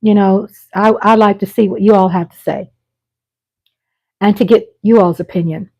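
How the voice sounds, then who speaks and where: A middle-aged woman hosting a live stream, chatting casually in a rambling way with frequent pauses and restarts. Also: mid-range voice, fairly even intonation, lo-fi sound.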